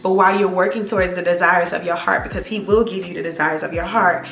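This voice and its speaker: A woman, talking earnestly and with emphatic repetition in a heartfelt storytime vlog, her voice a little hoarse and emotional. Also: on the low side, fairly even intonation, fast talker, fairly bright tone, echoey room, soft background music. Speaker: vlogger.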